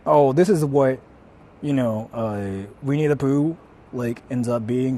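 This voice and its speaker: At night on a city street, a male streamer walks with a handheld mic, chatting casually on a live stream. He speaks slowly in a mid-range voice, erupting in loud, profane, mocking bursts and switching between English and Japanese.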